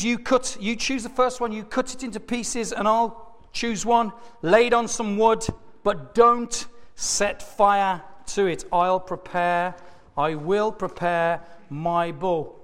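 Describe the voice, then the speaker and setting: A man voicing a bold lone prophet who challenges a crowd, speaking slowly and with emphasis in an echoey church. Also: high-pitched. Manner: emphatic, slow and deliberate.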